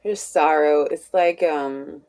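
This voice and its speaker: This tarot reader is a woman with a low-pitched, darkish voice and fairly even intonation. Reading live in a casual, chatty way, she laughs often, swears now and then and speaks slowly with drawn-out words.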